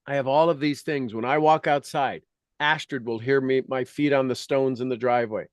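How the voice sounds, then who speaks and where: A man's voice: medium pitch, fairly even intonation, moderate pace, no room sound. Earnest, rambling man with a dry sound. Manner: earnest, enthusiastic, rambling storytelling. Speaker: meditation host. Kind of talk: reflective spoken meditation.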